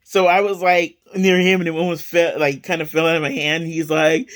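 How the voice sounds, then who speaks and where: A woman talking casually to her viewers in a relaxed home vlog. She rambles from one thought to the next, filling gaps with "like" and "um." She breaks into giggles often. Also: lowish voice, normal speed. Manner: rambling, giggly, lots of fillers. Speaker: vlogger. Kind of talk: casual chatty haul vlog.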